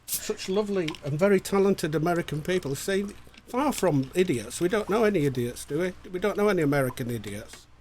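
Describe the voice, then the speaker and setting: A man's voice: sits high, lively intonation, fairly quick, a little mellow, a little hiss or hum. A man, co-hosting a casual livestream and jokingly reading out viewer greetings. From England. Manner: jokey, bantering, stumbles over names.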